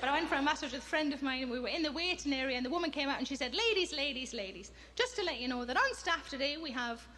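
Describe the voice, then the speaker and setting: Woman comedian, high voice, deadpan storytelling, stand-up set in a big theatre, noisy audience sound. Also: very fast. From England. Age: 40s. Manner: deadpan storytelling with repeated comic questions. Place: large theatre stage. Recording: comedy stage with loud audience noise.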